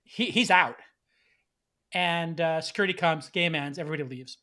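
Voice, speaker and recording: A man hosting a podcast, telling a casual story in an animated way, laughing now and then. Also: fairly high pitch, moderate pace, a crowd in the background. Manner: animated, laughs between lines. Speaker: podcast host.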